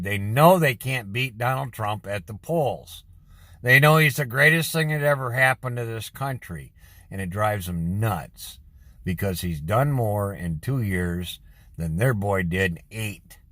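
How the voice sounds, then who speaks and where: A man, possibly, delivering an angry, combative political rant that swings between low mutters and loud, high-pitched outbursts. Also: no room sound, studio quality. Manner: combative, ranting, gets louder and higher when worked up. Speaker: political commentator.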